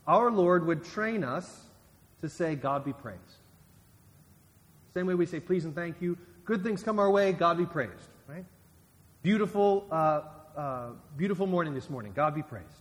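A guest preacher, a man with a slightly high voice, delivers a conversational sermon, often restarting and making asides to the congregation. The recording has a long reverb tail.

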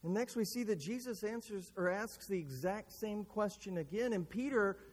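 A man's voice: sits high, normal speed, long reverb tail. A man preaching a sermon, retelling a scripture story earnestly and pressing his listeners with rhetorical questions.

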